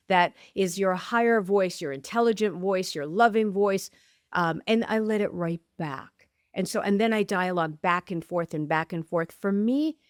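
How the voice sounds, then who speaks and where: A woman with a lowish voice, recorded dry in a clean studio, appears as a podcast guest in an interview. She's an author and coach who speaks emphatically, eagerly restarts sentences, and affirms often with repeated yeses.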